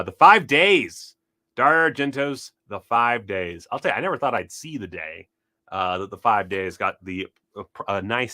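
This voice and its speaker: A man giving rambling, excitable, profane commentary as he browses film releases, often losing his train of thought. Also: on the low side, no echo. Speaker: cult film video host. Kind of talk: casual unscripted browsing commentary.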